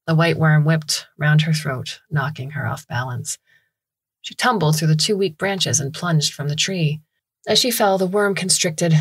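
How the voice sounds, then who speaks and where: A woman narrating a science fiction story in a measured, steady storytelling style on a close studio mic. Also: low voice, husky.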